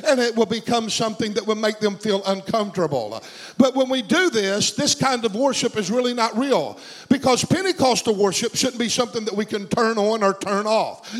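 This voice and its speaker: A man's voice: high-pitched, poor audio. A middle-aged man preaching a sermon, telling a story with fervent, repetitive phrasing. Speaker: pastor.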